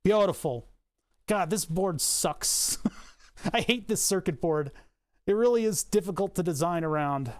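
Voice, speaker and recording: A man's voice: high voice, lively intonation, unhurried. A man casually chatting to his livestream chat while working on a design, rambling with joking asides and self-mocking laughs. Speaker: streamer.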